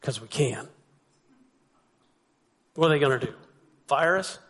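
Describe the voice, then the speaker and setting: A man's voice: mid-range voice, expressive, a little slow, a bit bright, slightly rough. A man preaching a sermon as pastor, talking to the congregation conversationally and asking them rhetorical questions. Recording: long hall reverb.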